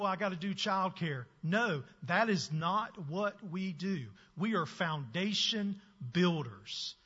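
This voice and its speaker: Bright-voiced man speaking in a reverberant church. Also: high-pitched. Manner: earnest, emphatic, asks the room for agreement. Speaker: preschool ministry leader. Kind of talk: church presentation to a congregation. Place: church sanctuary. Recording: dull sound with long hall reverb.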